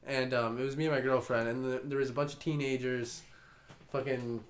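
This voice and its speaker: A man's voice: medium pitch, little pitch movement, fairly quick. A young man co-hosting a casual podcast, chatty and asking eager questions. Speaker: podcast co-host. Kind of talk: casual chat. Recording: echoey room.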